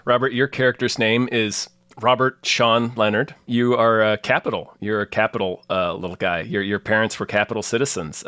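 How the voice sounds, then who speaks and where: A man with a low voice acts as game master and reads out a player's backstory with wry amusement. His voice sounds close and dry, with no room around it. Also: steady tone, moderate pace, hardly any pauses, bright, forceful tone, no room sound. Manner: amused, chuckling while relaying absurd details. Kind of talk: casual podcast chat, reading a character backstory.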